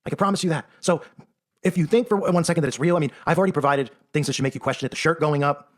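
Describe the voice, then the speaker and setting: A man with a somewhat high voice races through a sarcastic, emphatic monologue, frequently ending his points with "right?" He's an online commentator delivering rapid-fire commentary.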